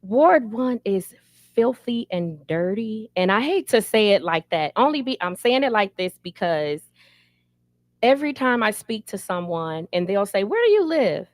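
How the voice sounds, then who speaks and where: A woman's voice: mid-range voice, animated, unhurried, no room sound. Council candidate, woman, middle-aged, candid and emphatic. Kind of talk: interview answers.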